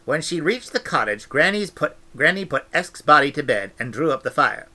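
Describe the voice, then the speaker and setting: A man reading a novel aloud with expressive, animated storytelling. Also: fairly high pitch, normal speed. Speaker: audiobook reader.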